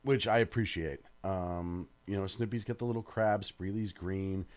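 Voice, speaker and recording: A man with a low voice co-hosts late-night talk radio. He stumbles through fillers and restarts on his way to firm opinions, recorded close and dry. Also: fairly even intonation, normal speed, a little mellow, dry recording. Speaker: radio talk show co-host. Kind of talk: casual talk radio discussion.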